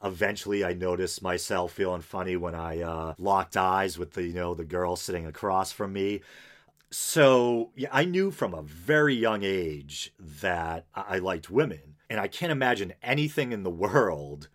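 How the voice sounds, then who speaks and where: A man's voice: low voice, lively intonation, normal speed, a bit bright. A man hosting an unscripted podcast, reading news aloud with casual, wry asides. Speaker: podcast host.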